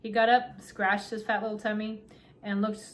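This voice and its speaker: A woman's voice: medium pitch, normal speed, slight background noise. A woman hosting her own channel, chatting casually and then reading a children's book aloud. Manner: relaxed, chatty with fillers between reading.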